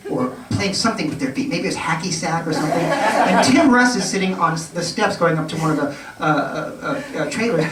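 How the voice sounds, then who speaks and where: A man's voice: a little high, noisy background. Guy telling a funny story on a club stage, lots of laughing and restarts, roomy sound, kinda far from the mic. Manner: animated, laughing, stumbling restarts. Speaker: storyteller in a cabaret show. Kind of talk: live comic storytelling. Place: nightclub stage.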